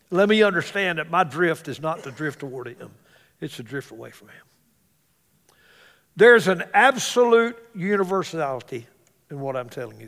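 A male pastor preaching a sermon in a church, swinging between loud exclamations and hushed asides. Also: high voice. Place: church sanctuary. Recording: reverberant church hall.

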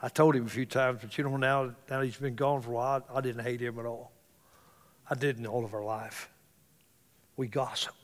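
A male pastor preaching a sermon in a church, swinging between loud exclamations and hushed asides. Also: medium pitch, moderate pace, long pauses. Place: church sanctuary. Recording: reverberant church hall.

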